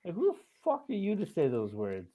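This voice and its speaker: Brisk and fairly high-pitched, this man hosts a podcast where he tells animated stories, cursing heavily and laughing a lot in casual conversation. The recording has thin, phone-like audio.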